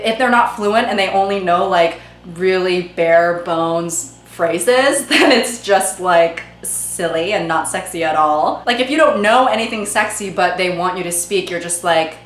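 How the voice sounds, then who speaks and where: A woman's voice: on the low side, a bit bright. A woman hosting a comedic commentary video, sarcastic and playful in her delivery. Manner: sarcastic, playful, slips into mock voices. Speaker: YouTube host. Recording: echoey room with faint music.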